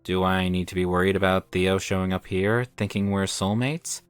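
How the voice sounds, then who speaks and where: A man's voice: low-pitched, steady tone, normal speed, clean tone, no echo, soft background music, lightly acted. A man playing a dryly teasing boyfriend. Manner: teasing, amused.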